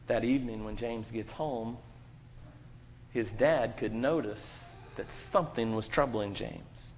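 A man telling a lively children's story in a church service, acting out the characters. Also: medium pitch, slow, slight background noise. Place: church sanctuary. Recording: muffled church recording with hall reverb.

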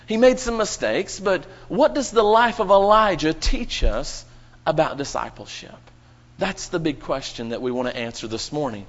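A man's voice: a little high, lively intonation, moderate pace, muffled recording. A man preaching a sermon to his congregation, with dramatic rising and falling emphasis.

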